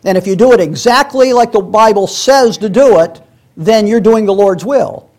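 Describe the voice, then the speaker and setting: A man's voice: sits high, normal speed, a little mellow. A man teaching a Sunday school class in a church, reading scripture aloud and explaining it in a conversational way, with many restarts and asides.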